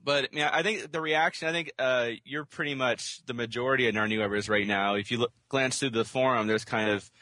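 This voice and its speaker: A man's voice: medium pitch, steady tone, fairly quick, few pauses, sharp tone, no echo. A man co-hosting a podcast in casual chat, rambling with many restarts and fillers. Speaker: podcast co-host.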